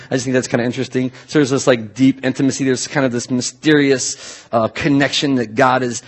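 A man preaching a sermon in a casual, animated way, often restarting his sentences. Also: mid-range voice. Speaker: pastor.

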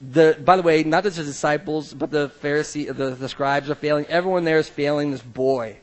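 A male pastor preaching a sermon to a church, animated, acting out the Bible's voices. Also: a little high, brisk. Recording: long reverb of a large hall.

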